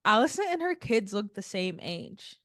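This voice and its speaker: A woman's voice: medium pitch, sing-song, normal speed, a bit bright, no room sound, clean studio sound. A young woman co-hosting a casual chat show, recapping a TV episode bluntly and with exasperation, with heavy fillers. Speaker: podcast co-host.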